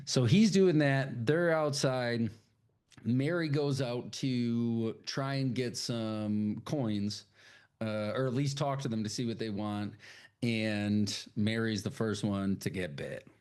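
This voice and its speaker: A man's voice: mid-range voice, darkish tone, smooth. A man co-hosting a podcast, casually recapping a film scene by scene in a loose, profane storytelling way. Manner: loose, profane storytelling that slips into quick impressions of characters. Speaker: podcast co-host.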